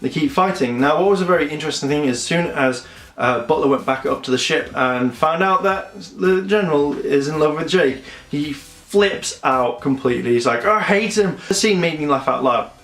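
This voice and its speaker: Speaking at normal speed in a somewhat high, slightly bright voice, this show reviewer talks loosely about a TV episode, packing in fillers and acting out quotes in character voices. His recording carries roomy echo.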